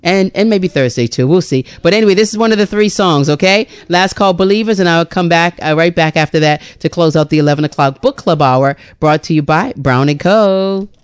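A woman from Bermuda hosts a radio talk hour, chatting effusively with her listeners. Her voice is smooth and clear, and she breaks into laughter often. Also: fairly low pitch, fairly quick, few pauses, no room sound. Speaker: radio host. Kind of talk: radio talk show chat.

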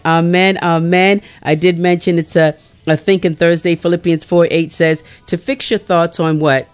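A radio morning show host, chatting in a lively, casual way with many fillers and leading a devotional segment from a studio. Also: mid-range voice, normal speed, clean tone.

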